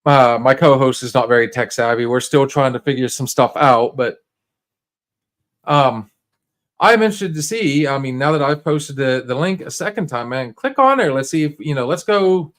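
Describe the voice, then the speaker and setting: A man's voice: mid-range voice, animated, moderate pace, fairly bright tone. A man hosting a casual livestream, talking straight to viewers in a laid-back, rambling way full of restarts and fillers. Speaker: livestream host.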